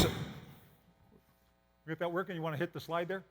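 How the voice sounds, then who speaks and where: A man from Canada gives a motivational talk to an audience in a folksy, storytelling way. His voice sits a little high for a man. Long reverb from the large hall trails after his words. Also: little pitch movement, brisk. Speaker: motivational speaker.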